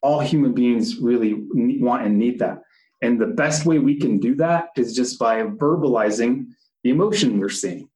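A man's voice: medium pitch, normal speed, a little mellow, roomy sound, rough recording. A middle-aged man who works as a police instructor, teaching a class in a conversational way with fillers and asides.

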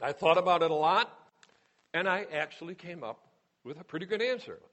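A man giving a sermon to a congregation, emphatic, with dramatic pauses and hushed moments of storytelling. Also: a little high, lively intonation. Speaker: Christian speaker.

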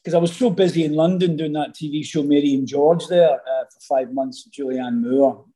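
A middle-aged Scottish man, an actor guest telling stories in a casual interview, animated and rambling with many fillers and restarts. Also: a little high, moderate pace, rough recording. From Scotland.

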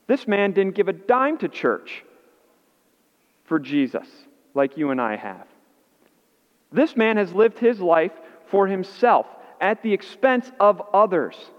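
A man preaching a sermon as pastor, animated and acting out the voices he quotes. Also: takes it slowly. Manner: animated, acts out quoted voices with rising pitch. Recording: muffled audio in a reverberant hall.

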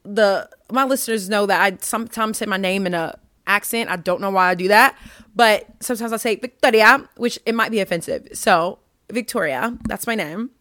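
A woman's voice: medium pitch, normal speed, a bit bright, dry recording, clean studio sound. A young woman hosting a casual faith podcast, rambling and self-mocking as she chats with listeners. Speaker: podcast host.

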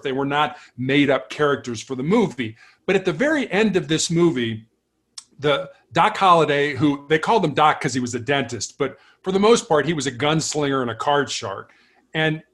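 A man's voice: a little high, fairly bright tone. A middle-aged man, a former police officer, telling stories earnestly in a conversational interview, often restarting and repeating words. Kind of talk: reflective storytelling in conversation.

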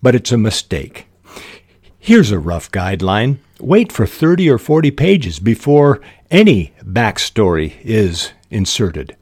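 A middle-aged man hosting a writing podcast, explaining fiction techniques in a measured way with short pauses. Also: lowish voice, sing-song, darkish tone, no room sound, studio quality. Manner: measured, reads examples aloud with short pauses. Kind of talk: instructional talk on fiction writing.

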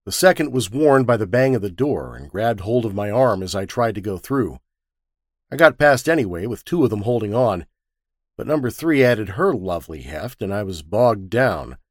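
A man narrating a first-person story with a wisecracking, lively storytelling manner. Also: on the low side, normal speed, dry recording, studio quality.

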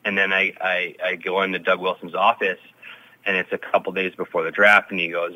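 A man's voice: low voice, level tone, fairly quick, bright, forceful tone, low-quality recording. A former pro hockey player in his thirties, telling his story in an interview with many fillers and restarts.

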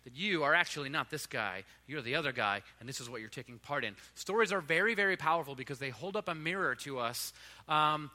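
High bright-voiced man preaching in a hall. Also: expressive, fairly quick. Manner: informal, conversational storytelling. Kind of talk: sermon storytelling.

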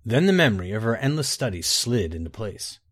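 A man reading a fantasy story aloud in a measured, even narrating voice. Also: lowish voice, dry recording, clean studio sound.

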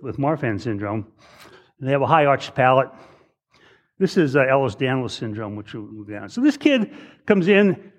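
A middle-aged man, an emergency doctor, giving a casual case-based lecture, with frequent restarts, who acts out his patients' lines in a raised voice. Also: a little high. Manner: conversational, repeats words, acts out patients in raised voice.

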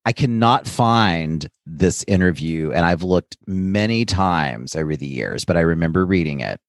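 A man with a low voice chats on a podcast, telling stories with enthusiasm and frequent laughter. The sound is dry and close, with no room around it. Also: lively intonation, measured pace, no echo. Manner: chatty, laughs often, enthusiastic storytelling. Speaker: podcast co-host. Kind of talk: casual chat.

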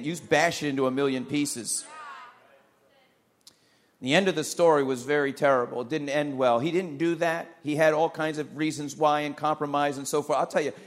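A man with a high-pitched voice delivers a sermon as a pastor. He preaches emphatically, hammering home his points with repeated phrases and calls of amen.

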